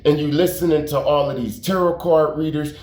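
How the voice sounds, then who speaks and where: A man with a fairly high voice tells a story in a loose, rambling way. He repeats words, drops slang and curses for emphasis. The room is roomy and echoey. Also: steady tone, a little fast, a little mellow. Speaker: YouTube storyteller. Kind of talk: casual storytelling monologue. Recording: roomy echo.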